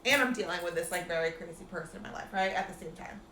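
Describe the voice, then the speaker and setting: Chatty, swearing woman with a low voice. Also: fast, sharp tone, slight background noise. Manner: chatty, profane, heavy use of "like", calls listeners "cuties". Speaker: life coach and meditation guide. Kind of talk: casual spiritual pep talk. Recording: roomy echo.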